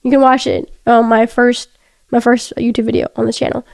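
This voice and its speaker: Young female host, high voice, earnest casual devotional chat, dry close sound. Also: flat delivery, a little fast, gravelly, a little mellow, no echo. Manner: earnest, storytelling, many fillers and restarts. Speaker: faith podcast host.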